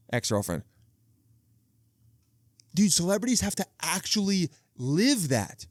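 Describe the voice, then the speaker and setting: A man's voice: a little high, measured pace, pauses often, no echo, clean studio sound. Rambling, profane man in his thirties. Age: 30s. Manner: rambling, profane, animated with frequent restarts. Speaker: podcast host. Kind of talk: casual comedic monologue. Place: outdoors near water. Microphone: video podcast camera setup.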